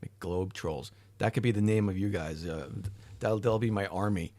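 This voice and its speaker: A man's voice: lowish voice, fairly quick, darkish tone, dry recording. A tired man hosting a livestream, chatting casually with his chat, rambling and swearing now and then. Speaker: livestream host. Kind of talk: casual chat reading live chat.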